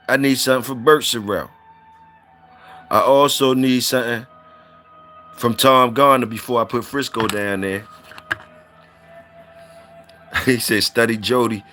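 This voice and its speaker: A man's voice: mid-range voice, steady tone, moderate pace, long pauses, fairly bright tone, soft background music. A man hosting a casual livestream, reading out viewer comments and saluting people in a loose, repetitive drawl.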